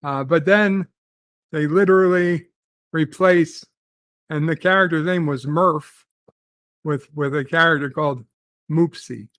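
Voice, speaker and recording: A man hosting a casual live stream, reading viewer comments aloud and musing in halting, repeated phrases with lots of fillers. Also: on the high side, fairly bright tone, no echo. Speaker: host reading chat.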